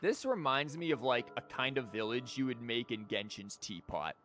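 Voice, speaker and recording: Young man, game streamer, sarcastic, rambling, swears, mid pitch, faint music behind. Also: expressive, normal speed, a bit bright. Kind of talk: live gameplay commentary.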